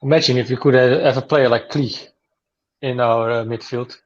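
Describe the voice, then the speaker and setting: A man's voice: mid-range voice, fairly even intonation, moderate pace. A man joining a live football watchalong, blunt and sweary in his casual chat. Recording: dull lo-fi mic.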